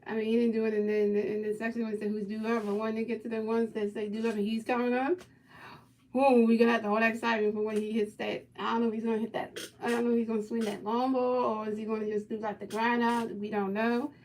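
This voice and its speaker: A woman's voice: a little high, flat delivery, fast talker, darkish tone, a little hiss or hum. A woman hosting a livestream, giving amateur play-by-play commentary in eager, repetitive, rambling calls. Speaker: livestream host.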